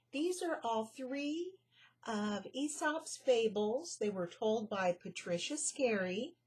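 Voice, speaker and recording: A woman reading stories aloud to children in a slow, expressive storyteller manner. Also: fairly high pitch, breathy edge.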